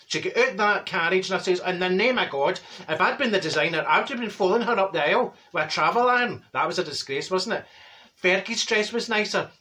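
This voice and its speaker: A man's voice: high-pitched, bright, forceful tone. A man doing a blunt Glaswegian auntie. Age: middle-aged. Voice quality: chatty, blunt, gossipy storytelling. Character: straight-talking middle-aged Glasgow woman, gossipy and blunt. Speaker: comedy character monologue. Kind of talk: comic monologue.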